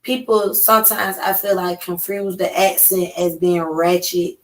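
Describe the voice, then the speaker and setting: A woman from Atlanta with an Atlanta Southern accent, talking loudly and emphatically with lots of profanity as a podcast guest in casual chat. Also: on the low side, fairly even intonation, unhurried. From Atlanta, USA. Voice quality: loud, profane, emphatic delivery. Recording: roomy with faint noise.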